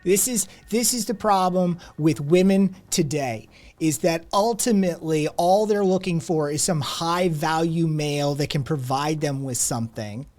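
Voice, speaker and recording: A man's voice: on the high side, a little slow, hardly any pauses, a little mellow, soft background music, lightly acted. A man voicing a rude, entitled man who lectures a woman at a bar and rants indignantly when told off. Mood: condescending. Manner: condescending, ranting, indignant.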